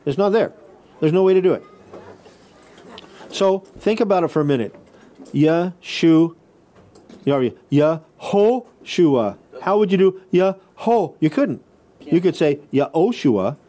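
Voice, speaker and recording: A man lecturing a small class, his voice sitting a little high but soft and mellow. He explains step by step, repeating and restarting phrases. He often pauses to check that his listeners follow. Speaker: Bible Greek teacher.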